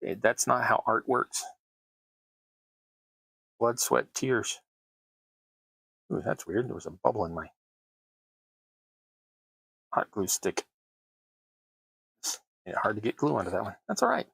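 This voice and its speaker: Man, low voice, gravelly, husky, casual livestream crafting chatter, wry self-deprecating jokes, dry close sound. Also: takes it slowly, long pauses, a bit bright, dry recording, low-quality recording. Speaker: terrain crafting livestream host. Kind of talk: casual running commentary while crafting.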